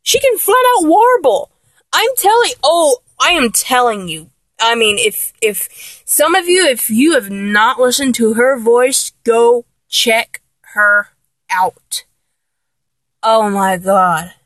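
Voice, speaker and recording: A woman's voice: a little high, expressive, takes it slowly, a bit bright, dry recording. A woman chatting casually about songs she loves, rambling with many ums and restarts and breaking into bits of song. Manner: sings snatches of songs badly. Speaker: music fan talking to viewers.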